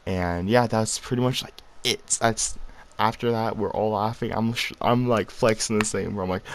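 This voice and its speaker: A man's voice: on the low side, unhurried. Tired teenage boy rambling through a story. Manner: rambling, loose, with many fillers and restarts. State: tired, late at night. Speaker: vlogger. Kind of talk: casual storytelling to camera.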